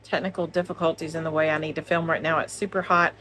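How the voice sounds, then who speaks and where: A woman's voice: low voice, level tone, fast talker, a bit bright, a little hiss or hum. Chatty woman, crochet vlog host. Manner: chatty, laughing, jokey. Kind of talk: casual chat. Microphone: phone camera.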